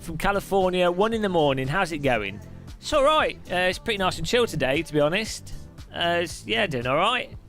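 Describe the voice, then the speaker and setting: Man, sim racing streamer, chatty live-stream tone, slightly high voice, very lively pitch, faint music behind. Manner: chatty, reads chat aloud, laughs often. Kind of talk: casual live-stream chat.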